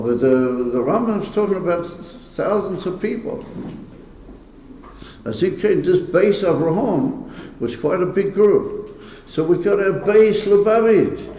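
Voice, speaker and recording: A man with a high yet mellow voice leads a gathering as its rabbi. He teaches earnestly and emotionally, tosses questions at his listeners and chuckles between points. The recording is dull and lo-fi, with long reverb from a synagogue hall. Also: a little hiss or hum. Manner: stirred and emotional about the topic. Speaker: rabbi leading a Hasidic gathering. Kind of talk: informal teaching talk to a gathering. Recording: echoey hall, dull lo-fi sound.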